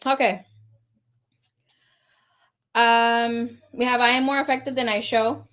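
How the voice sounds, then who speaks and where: A woman's voice: fairly high pitch, flat delivery, slow, fairly bright tone. A woman giving a casual live tarot reading, chatty and rambling with fillers. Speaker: tarot reader.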